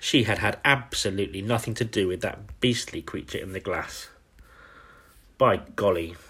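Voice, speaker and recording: This man narrates a children's audiobook in a dramatic, expressive storytelling style. His voice is fairly low and slightly rough, and he speaks a little fast.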